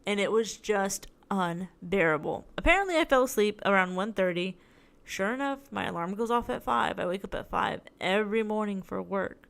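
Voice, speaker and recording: Young female podcast host, casual rambling storyteller, smooth clear tone, tired and sore. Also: mid-range voice, animated, normal speed, a bit bright. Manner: rambling, chatty storytelling with many "like"s. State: tired, in tooth pain. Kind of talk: casual solo podcast chat.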